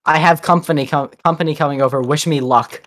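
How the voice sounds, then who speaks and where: A man's voice: fairly high pitch, fairly even intonation, fast talker, a bit bright. Young man from Long Island chatting. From Long Island, New York. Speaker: podcast co-host. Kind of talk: casual chat.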